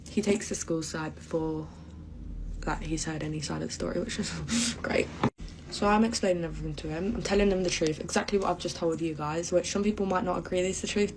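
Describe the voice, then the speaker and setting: A woman's voice: fairly low pitch, a little fast, a little hiss or hum, poor audio. A teenage girl telling a storytime in casual chat, chatty and rambling with many fillers. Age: teens. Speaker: vlogger.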